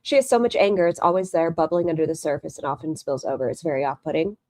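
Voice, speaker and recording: A woman's voice: deep voice, quick pace, darkish tone, no echo, clean studio sound. A woman hosting critical reaction commentary, blunt and sarcastic. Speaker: commentary host.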